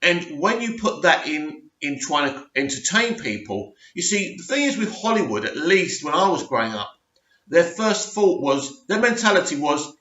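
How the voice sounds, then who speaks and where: A man's voice: a little high, sing-song, moderate pace, bright, forceful tone, dull audio. Blunt, emphatic man in an echoey room. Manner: blunt, emphatic, repetitive with "right?". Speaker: movie review vlogger. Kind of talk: opinionated film review rant.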